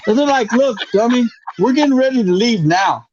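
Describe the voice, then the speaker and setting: A man telling a hunting story in casual podcast chat, profane and animated, acting out the other people's voices. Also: very high-pitched, a little fast, muffled recording, noisy background. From grew up in the projects. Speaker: podcast host.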